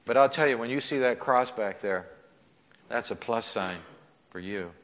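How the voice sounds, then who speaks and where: A male pastor preaching an impassioned sermon in a church, swinging between loud pleading and hushed, soft tones. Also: medium pitch, moderate pace. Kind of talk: sermon with altar call. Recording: long church reverb.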